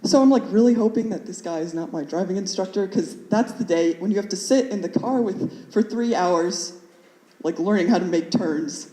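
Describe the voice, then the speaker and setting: A woman's voice: medium pitch, normal speed, warm tone, echoey room, low-quality recording. Rambling young woman doing stand-up. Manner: nervous, rambling, many "like" fillers. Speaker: stand-up comedian. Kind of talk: stand-up comedy set. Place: comedy club stage.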